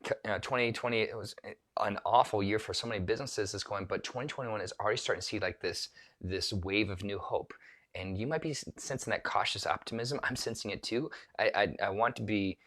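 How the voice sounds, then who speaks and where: A man with a fairly low voice coaching keynote speakers in a loose solo talk to camera. He rambles, restarts his sentences and fills his pauses with ums and repeats. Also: a bit bright. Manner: rambling, self-correcting, with many restarts and filler words.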